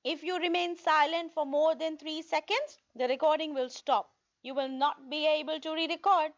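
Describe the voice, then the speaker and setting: A woman's voice: high voice, steady tone, moderate pace. A woman teaching an online test-prep lesson, explaining tips and often checking in with "okay?". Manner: repeats points, checks in with "okay?". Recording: dull lo-fi recording.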